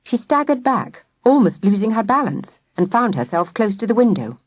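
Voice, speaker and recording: Woman narrator, animated storybook reading, dry close mic. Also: fairly high pitch, normal speed, dry recording. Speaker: audiobook narrator.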